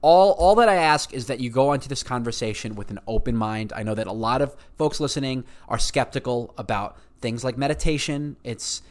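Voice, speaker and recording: A male podcast host introduces his show in an energetic, restless way. His voice sits at a middling pitch, and he keeps doubling back on words as he talks. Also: fairly quick, hardly any pauses.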